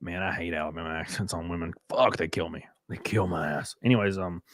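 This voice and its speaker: A man's voice: deep voice, fast, hardly any pauses, dry recording, clean studio sound. A man hosting a livestream, reacting to clips with crude, profane, blunt rants. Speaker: streamer host.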